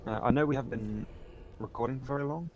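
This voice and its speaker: A man's voice: medium pitch, fast, slight background noise. Joking rambling man on voice chat. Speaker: guiding player. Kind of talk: casual gaming chat.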